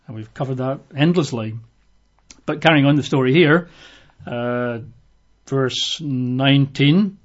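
A man's voice: mid-range voice, measured pace, pauses often. A man preaching a sermon in a conversational way, acting out the voices he quotes. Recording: dull lo-fi recording.

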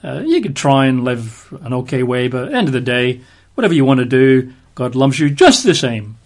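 A man's voice: mid-range voice, sing-song, brisk. A man giving conversational Bible teaching, explaining verses with everyday examples.

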